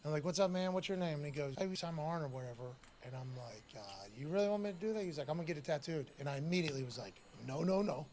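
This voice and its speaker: Man, casual rambling host, quick talk, fairly high voice, busy room. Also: lively intonation, darkish tone. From Pittsburgh. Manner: rambling storyteller, swears. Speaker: podcast host. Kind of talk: casual chat.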